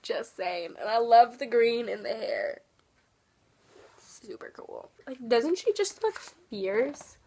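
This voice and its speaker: High-voiced bubbly young woman, a bit sick. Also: sing-song, slow pace, vocal fry, slightly rough. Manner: bubbly, self-deprecating, often drops to a soft whisper. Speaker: book vlogger. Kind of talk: casual book haul chat.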